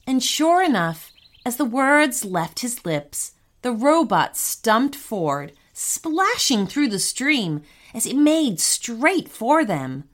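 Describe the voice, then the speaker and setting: Animated woman narrating a children's story. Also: a little high, takes it slowly.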